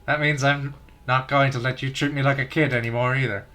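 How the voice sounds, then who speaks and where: A man's voice: medium pitch, steady tone, fairly quick, bright, forceful tone, close to an everyday voice. A man reading as a peppy teenage tomboy. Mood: determined. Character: cheerful, energetic teenage tomboy girl. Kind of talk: reading game dialogue aloud.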